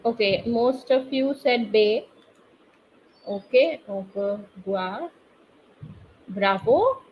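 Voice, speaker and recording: Slow, patient woman teaching online. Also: on the high side. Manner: slow, patient, quizzes students via chat. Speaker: French teacher. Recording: slightly dull online class audio with faint noise.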